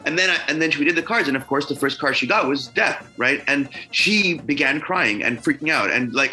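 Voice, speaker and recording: A man's voice: on the high side, animated, a little fast, few pauses, pushed and bright, low-quality recording. A man, a musician guest, telling a long story in casual conversation, rambling with many fillers and swearing freely.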